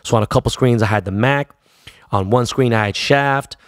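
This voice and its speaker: A man's voice: medium pitch, normal speed, no echo, clean studio sound. A middle-aged man from Los Angeles, a DJ, telling a story in a loose, profane, slang-heavy way. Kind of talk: casual storytelling.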